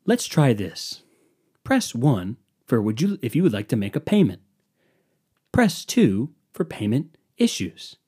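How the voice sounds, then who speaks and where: A man's voice: mid-range voice, measured pace, slightly rough, exaggerated voice. A man imitating a condescending phone robot. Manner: flat, condescending.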